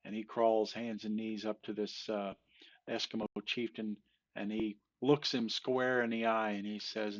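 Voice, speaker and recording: A man's voice: lowish voice, little pitch movement, unhurried, lo-fi sound. A man telling a long joke in a casual, rambling way, with many fillers and restarts. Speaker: joke teller. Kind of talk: casual storytelling.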